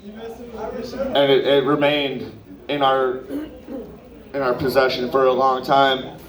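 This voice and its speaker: A man's voice: mid-range voice, sing-song, takes it slowly, crowd noise. Young man, stand-up comic, open mic, rambling profane storytelling, distant mic. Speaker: stand-up comedian. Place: comedy club open mic. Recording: roomy, distant live club recording.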